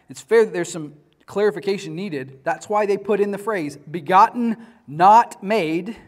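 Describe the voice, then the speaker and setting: A man lecturing a class on church history in a conversational way, often asking the students questions. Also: a little high.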